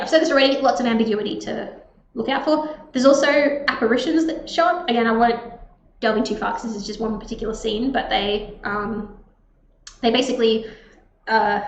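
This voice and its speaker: Aussie woman tutor, chatty lesson, bit high voice, roomy room, faint hiss. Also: muffled recording. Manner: chatty, filler-heavy, stresses words in read quotes. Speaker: tutor presenting a text analysis lesson. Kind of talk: explanatory lecture, casual.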